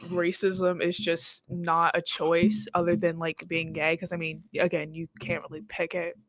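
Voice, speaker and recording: A woman's voice: on the low side, monotone, moderate pace, a little hiss or hum, rough recording. A teenage girl talking casually on a home podcast with friends, hesitant and full of fillers. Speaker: podcast co-host. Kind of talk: casual chat among friends. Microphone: headphones with short cord, shared mic.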